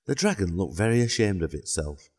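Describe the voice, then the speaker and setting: A man narrating a children's storybook in a calm, even way. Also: sits low, fairly quick, breathy edge.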